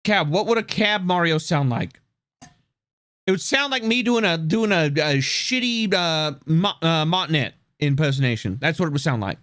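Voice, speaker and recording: Guy streaming a reaction, high bright voice, swears a lot, dry close mic. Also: animated, moderate pace, dry recording. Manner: loud, profane, laughing often.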